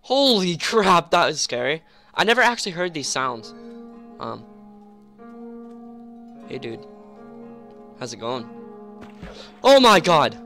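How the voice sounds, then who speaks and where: Young guy doing game commentary at home, kinda high bright voice, jumpy, rambles a lot, faint music behind. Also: takes it slowly, pauses often. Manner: excitable, jumpy, rambling with fillers. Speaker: gamer. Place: home room.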